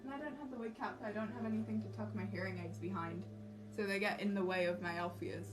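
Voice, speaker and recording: A woman's voice: mid-range voice, fairly even intonation, quick pace. A young woman chatting casually to a livestream audience, self-mocking and easily sidetracked. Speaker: cosplay livestreamer. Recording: distant mic with music behind. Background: background music.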